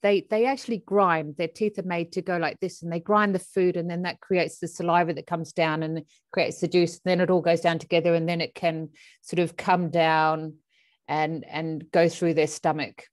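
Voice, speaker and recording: Woman guest from Australia, lowish pitch, dry recording; animated, story-driven chat. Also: normal speed, no echo. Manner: animated storyteller who acts out voices. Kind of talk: casual conversation.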